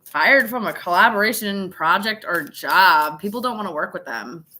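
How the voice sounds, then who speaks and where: Bright-voiced tipsy woman reading tarot. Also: medium pitch, animated, moderate pace, a little hiss or hum. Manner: chatty, swearing, laughing, dramatic asides. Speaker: tarot reader. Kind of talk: casual live tarot reading.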